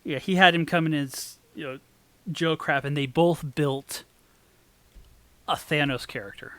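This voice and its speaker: A co-host in relaxed conversation who keeps pausing on fillers and restarting sentences. The voice sits at an ordinary middle pitch. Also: no echo. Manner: halting, many fillers and restarts. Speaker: podcast co-host. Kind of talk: casual chat.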